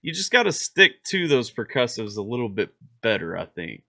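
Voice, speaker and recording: A man's voice: mid-range voice, very animated, moderate pace, gravelly, pushed and bright. A man hosting a music reaction video, giving a casual, constructive review. He talks in a rambling way, with many fillers and repeated words. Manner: constructive, coaching tone.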